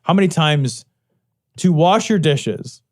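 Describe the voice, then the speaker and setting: A high-voiced man co-hosts a casual podcast, his pitch leaping all over as he riffs. He talks profanely and animatedly, full of comic bits. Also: expressive, slow. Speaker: podcast co-host. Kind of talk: casual comedic chat.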